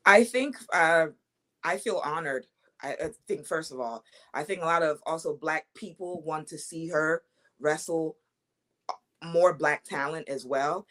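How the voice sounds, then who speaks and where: Confident trash-talking young woman, lowish voice. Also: measured pace, fairly bright tone. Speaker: wrestler and champion guest. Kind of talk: casual interview.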